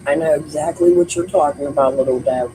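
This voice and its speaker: A woman's voice: deep voice, fairly quick, warm tone, slight background noise, low-quality recording. A woman hosting a true crime livestream, talking casually in a blunt, emphatic way and swearing often. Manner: blunt, heavily profane, emphatic. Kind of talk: casual chat.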